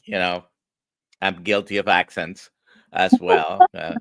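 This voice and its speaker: Low, slow man with a Spanish accent. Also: fairly even intonation, gravelly, no room sound, clean studio sound. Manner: halting, repeats words. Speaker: host. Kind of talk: livestream interview.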